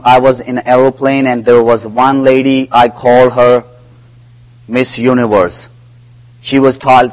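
A man preaching a sermon in a slow, deliberate way, with non-native grammar, who retells conversations in a lowered voice. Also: low-quality recording.

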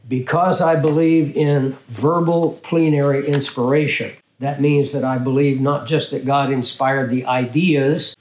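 An older male pastor teaching through a Bible passage in a measured way, often asking rhetorical questions. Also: medium pitch, echoey room, low-quality recording.

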